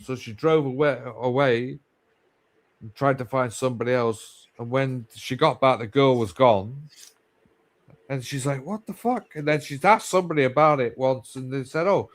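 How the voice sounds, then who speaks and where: A man's voice: medium pitch, moderate pace. A man on a livestream panel, rambling through a story with lots of fillers and swearing. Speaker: livestream guest. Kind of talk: casual chat.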